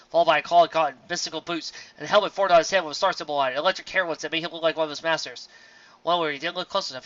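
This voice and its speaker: A man's voice: a little high, no room sound. A man doing a comedic dramatic reading of a fan fiction, breaking off into exasperated rants. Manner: exasperated, yelling outbursts between mock-serious reading. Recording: dull lo-fi sound.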